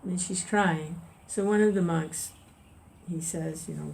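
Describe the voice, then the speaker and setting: A woman's voice: lowish voice, a little slow, creaky, darkish tone, slight background noise, low-quality recording. A woman leading an informal spiritual discussion and telling a story in a conversational way, with restarts and chuckles. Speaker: devotional discussion leader.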